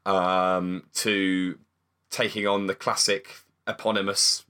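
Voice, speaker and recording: Chatty, lower-voiced man. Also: little pitch movement, slow pace, bright, forceful tone, smooth. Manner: chatty, swears casually, stumbles and repeats words. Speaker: film review podcast co-host. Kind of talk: casual chat.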